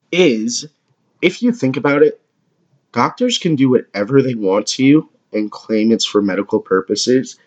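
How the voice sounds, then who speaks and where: Husky, animated young man ranting. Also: mid-range voice, lo-fi sound. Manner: crude, swearing, excitable. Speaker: podcast host. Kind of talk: comedic podcast rant.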